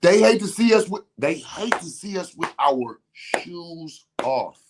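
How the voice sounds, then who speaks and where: A man's voice: on the high side, sing-song, takes it slowly, background noise. Slangy man on a rant. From Detroit. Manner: emphatic, slangy, repeats himself. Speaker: podcast host. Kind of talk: casual spiritual rant.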